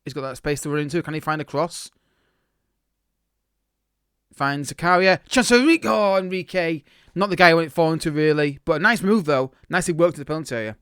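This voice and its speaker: A man talks through a football management game, reacting as it unfolds and restarting his sentences. His voice is smooth and fairly high. The sound is dry and close to the mic. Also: quick pace, long pauses, fairly bright tone, no echo. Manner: chatty, reacts live to the match, many restarts. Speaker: gaming YouTuber. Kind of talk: casual game commentary.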